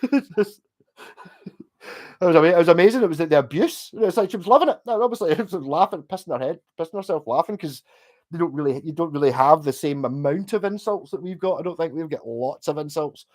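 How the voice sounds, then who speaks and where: A man's voice: fairly high pitch, animated, fast, a little mellow. A Scottish man with a slightly raised voice chats through a livestream and answers viewers as he goes. He rambles, swears freely and restarts his sentences often, in a loose, casual way. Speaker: livestream host.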